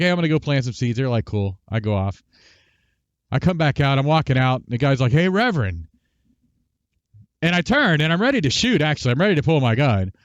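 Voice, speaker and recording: A man hosting a gaming livestream, telling a long rambling story with restarts and asides, and speaking quietly at times. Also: mid-range voice, no echo, dull audio. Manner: talks quietly at times for housemates. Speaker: streamer and show host. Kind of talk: casual livestream chat.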